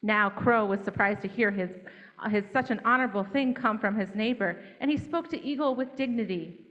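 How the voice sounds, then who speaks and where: A woman telling a children's story at church in a gentle, interactive way, inviting the children to join in. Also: mid-range voice, moderate pace, lo-fi sound.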